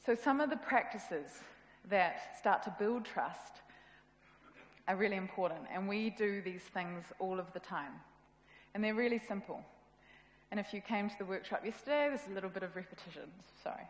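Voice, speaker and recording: A woman's voice: medium pitch, moderate pace. A woman with a New Zealand accent giving a casual, self-deprecating conference talk. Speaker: conference speaker. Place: event hall. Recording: echoey hall with long reverb.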